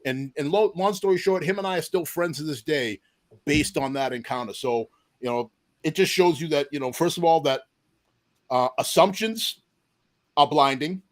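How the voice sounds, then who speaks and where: A man in his forties tells a long story from his youth as a guest on an interview show. He is animated, jumps into the voices of the people in the story, and his voice sits a little on the high side. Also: moderate pace. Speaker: deputy police chief, podcast guest.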